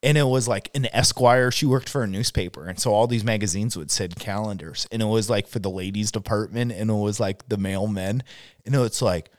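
A man's voice: lowish voice, fairly quick, dry recording, studio quality. A man co-hosting a casual podcast, telling rambling, profane anecdotes. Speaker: podcast co-host.

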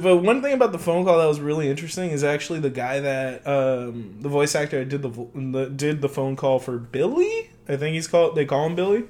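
Chatty, laughing male podcast co-host. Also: on the high side. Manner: chatty, laughs often, swears casually. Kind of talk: casual film discussion.

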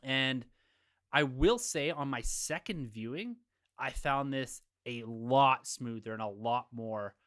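A man on a podcast panel, giving a measured, analytical review of a film in casual conversation. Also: medium pitch, fairly bright tone.

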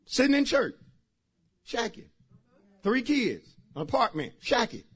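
A man's voice: very high voice, very animated, measured pace, breathy edge. A middle-aged man, a pastor preaching a sermon with personal testimony. He talks fervently and repeats himself, addressing the congregation directly.

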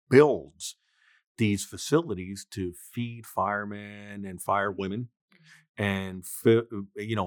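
A man telling stories as a guest in a casual interview, animated, his pitch jumping when he gets excited. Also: dry recording, clean studio sound.

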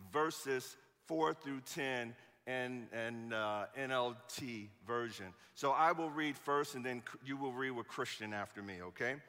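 A man from Chicago preaching a sermon, telling jokes in an animated, playful way. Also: mid-range voice, in a large hall. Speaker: pastor.

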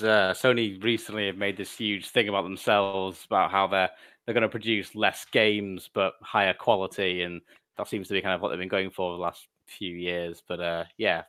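A man with a very deep voice speaks hesitantly on a casual podcast panel, sounding mildly let down. The sound is dry and close. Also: a bit bright, no room sound.

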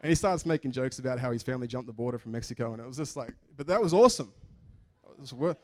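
A man's voice: mid-range voice, rapid-fire. A man preaching a sermon in a chatty, joking way, acting out the people in his stories. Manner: animated, chatty, jokes and acts out quotes. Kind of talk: sermon with storytelling.

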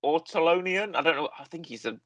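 A man's voice: fairly high pitch, lively intonation, brisk, highs cut off. A man co-hosting a podcast in casual chat, rambling and correcting himself often, with lots of fillers. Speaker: podcast co-host. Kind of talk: casual chat reviewing a series.

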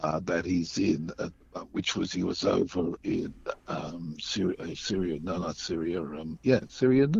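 A man from Australia tells stories as a guest in a low, gravelly and husky voice. He is animated and acts out the voices of the people in his tales. The sound is muffled and lo-fi. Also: measured pace, few pauses. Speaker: guest storyteller. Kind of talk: casual anecdote telling.

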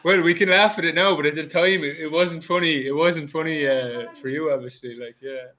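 A man's voice: a little high, steady tone, fairly quick, pushed and bright. An Irish man, a podcast guest, chatting casually and leaning on "dude" and "bro" fillers. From Ireland. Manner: laid-back, lots of "dude" and "bro" fillers. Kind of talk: casual chat.

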